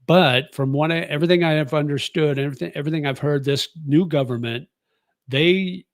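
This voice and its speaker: A man's voice: fairly high pitch, a little fast, no room sound. A man in his sixties from the United States, chatting casually as a vlogger and answering viewer comments in a rambling, easygoing way. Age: 60s. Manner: rambling and easygoing, with many fillers and restarts. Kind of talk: casual chat.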